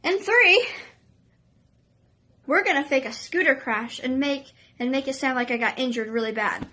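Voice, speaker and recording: Woman doing a scheming girl barking clipped orders, pitched up. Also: moderate pace, sharp tone. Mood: bossy.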